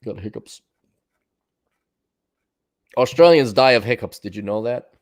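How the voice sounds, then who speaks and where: A man's voice: mid-range voice, lively intonation, a little slow. An American man in his forties hosting a livestream, answering viewer questions in a blunt, profane, sarcastic rant. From United States. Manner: blunt, profane, sarcastic, mocks others in mimicking voices.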